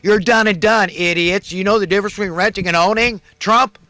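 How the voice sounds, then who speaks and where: Man, angry political rant, high-pitched, dry close sound. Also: fairly quick, no room sound. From United States. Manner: angry, ranting, shouts at times. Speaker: political commentator.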